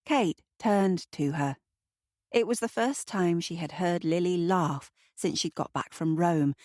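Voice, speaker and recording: A woman narrates a novel in a steady, even way. Her voice sits on the low side, and the recording is close and completely dry. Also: no room sound. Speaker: audiobook narrator. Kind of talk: scripted narration.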